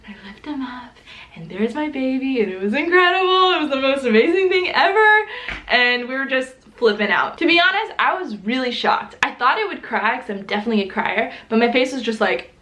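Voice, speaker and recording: A young woman talks straight to her camera in a relaxed, chatty vlog style. Her voice sits a little on the high side, and she laughs easily and fills her sentences with casual fillers. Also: a little fast. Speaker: vlogger.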